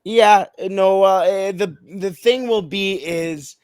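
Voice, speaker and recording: A man talking hockey as a podcast guest, animated and laughing often, building to points with dramatic pauses. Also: sits high, smooth, no echo, studio quality. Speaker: podcast guest, team analyst. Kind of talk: casual sports podcast chat.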